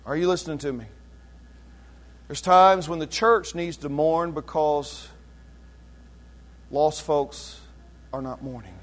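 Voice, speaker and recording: A preacher, a man with a high-pitched voice, delivering his sermon. He swings between quiet, slow, drawn-out phrases and sudden loud, rapid surges. He keeps calling back to the congregation. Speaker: pastor.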